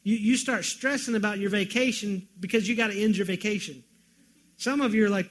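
A man preaching a sermon as pastor, moving from loud pleading questions to quiet, earnest emphasis. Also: high voice, brisk.

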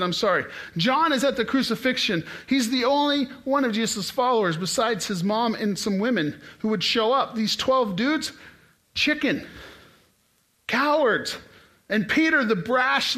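A man preaching a casual, conversational sermon, climbing into loud, excited bursts as he retells the story. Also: a little slow. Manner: animated, conversational preaching with sudden rises in pitch and volume. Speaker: pastor.

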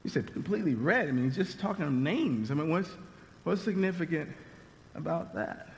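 High-voiced male preacher in a reverberant hall. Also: normal speed, vocal fry. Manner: conversational, animated, with frequent restarts. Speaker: pastor. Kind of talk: sermon.

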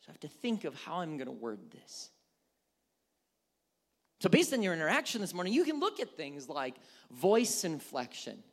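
A man's voice: a little high, moderate pace. A man preaching a casual, conversational sermon as pastor, acting out little dialogues in changing tones. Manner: animated, acts out little dialogues with shifting tones.

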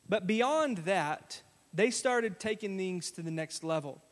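A man's voice: high-pitched, animated, slow pace, big-room sound. A male pastor giving a sermon in a conversational, storytelling way, often asking the congregation questions. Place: church sanctuary.

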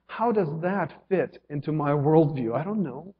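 Pastor, male, from Ukraine, fairly high voice, preaches with probing questions, quiet to loud; dull recording in a long-reverb church. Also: animated, normal speed. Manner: questioning, swings from loud to hushed. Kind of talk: sermon.

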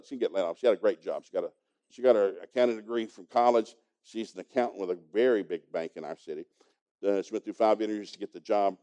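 A man's voice: lowish voice, warm tone. An older man preaching a sermon in a folksy, emphatic and humorous storytelling manner.

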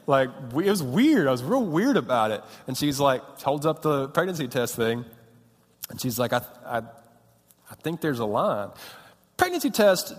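A man in his thirties preaching a sermon, telling stories in an animated, self-mocking, punchy way. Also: on the high side. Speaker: pastor. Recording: hall with long reverb.

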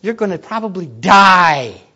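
Preacher, sermon, unhurried delivery, very expressive pitch, hushed to loud swings, asks listeners questions. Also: lo-fi sound. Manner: swings between hushed low teaching and loud excited exclamations.

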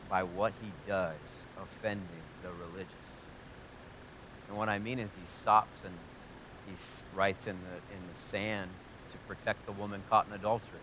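A man preaching a sermon to a live congregation, energetic and joking, asking them questions directly. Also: fairly low pitch, noisy background. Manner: energetic, joking and talking straight to the audience. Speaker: pastor.

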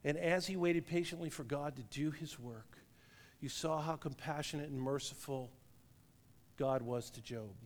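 A middle-aged man preaching a sermon, telling a lively story and laughing at his own tale. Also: on the high side, normal speed. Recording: long reverb of a large hall.

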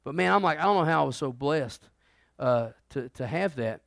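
A middle-aged man delivers a sermon in an easygoing, conversational way, his voice sitting a little high for a man. He leans hard on some phrases and drops nearly to a murmur on others. The sound is close and dry, with no room echo. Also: lively intonation, normal speed, creaky. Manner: conversational preaching, swings between loud emphasis and quiet. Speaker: pastor.

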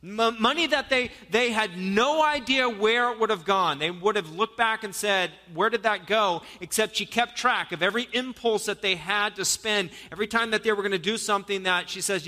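Man, pastor, sermon, high bright voice, long church reverb. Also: normal speed, hardly any pauses. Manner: storytelling with jokes, earnest and exhorting. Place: church sanctuary.

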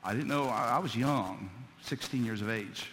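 A male pastor preaching a fervent sermon, building from quiet storytelling to loud shouted appeals. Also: medium pitch, normal speed, big-room sound, a little hiss or hum.

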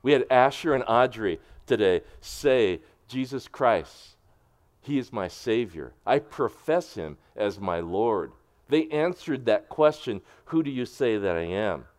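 A male pastor, preaching a sermon that swings between hushed and emphatic passages. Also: medium pitch, expressive, unhurried.

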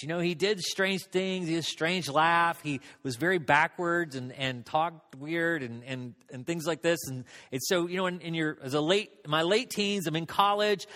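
Pastor, male, high-pitched, chatty self-mocking sermon, reverberant sanctuary. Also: a bit bright. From Southern United States. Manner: storytelling, conversational, self-deprecating.

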